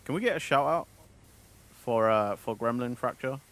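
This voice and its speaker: A man's voice: mid-range voice, lively intonation, normal speed, a bit bright. A man streaming a game, chatting casually with viewers, giggling often and swearing freely. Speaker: livestreamer. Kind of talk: casual gaming stream chat.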